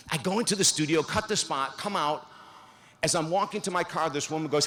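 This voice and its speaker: A man's voice: fairly high pitch, lively intonation, a little fast. Man giving a motivational speech. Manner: storytelling, dramatic swings from upbeat to hushed. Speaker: commencement speaker. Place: large hall.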